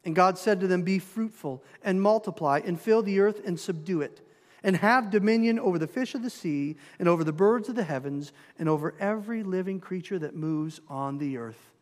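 A man's voice: high voice, moderate pace, a little mellow. A man with a Minnesotan accent preaching a sermon, asking the congregation questions with emphasis. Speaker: pastor. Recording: long hall reverb.

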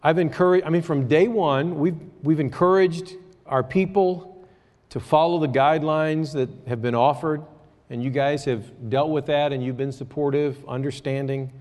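A man with a fairly high voice preaches in a church, and long reverb trails each line through the hall. He talks to his congregation like friends, dropping to quiet asides and then lifting into urgent exhortation. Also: normal speed. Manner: conversational, swings from hushed asides to raised exhortation. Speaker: pastor. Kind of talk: sermon.

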